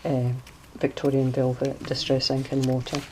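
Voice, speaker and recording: In a relaxed, chatty craft walkthrough, a woman with a notably low voice shows off her handmade journal. She pauses to hunt for words and corrects herself as she goes, while a faint hum of noise sits beneath her voice.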